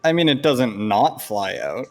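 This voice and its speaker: Lively-voiced man at a tabletop game. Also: medium pitch, unhurried, soft background music. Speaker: player. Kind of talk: casual tabletop play.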